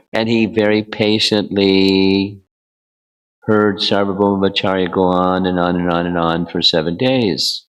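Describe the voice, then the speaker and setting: A man giving a devotional lecture as a spiritual teacher, relaxed and bantering with his audience. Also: sits low, low-quality recording.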